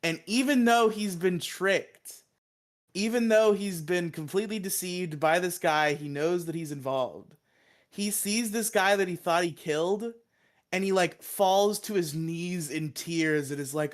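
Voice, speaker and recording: A man's voice: high-pitched, a little slow. A man co-hosting a podcast, eagerly retelling a show's plot in a rambling, casual way, swearing and laughing often. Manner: excited, rambling, swears and laughs often, acts out quoted lines. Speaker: podcast co-host.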